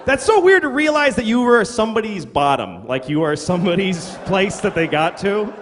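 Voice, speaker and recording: A middle-aged man doing stand-up, his voice lively and sitting a little high as he spins crude, self-deprecating tales. It comes through a big room with a long echo. Clear crowd noise fills the space behind him. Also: normal speed. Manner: crude, self-deprecating storytelling with acted quotes. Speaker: stand-up comedian. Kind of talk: stand-up comedy set. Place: comedy venue stage. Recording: reverberant hall with audience noise. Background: audience laughter.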